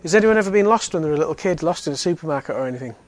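A man with a fairly high voice gives a relaxed faith talk to a group. He speaks casually and fills his sentences with "you know". He also drops in teasing jokes. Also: racing. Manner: conversational, many fillers, joking asides. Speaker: Alpha course speaker. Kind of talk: evangelistic talk.

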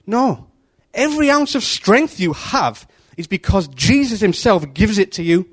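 His voice sits high and moves at normal speed as this man gives an informal devotional talk. The preacher is conversational and animated, putting on voices for the people in his stories.

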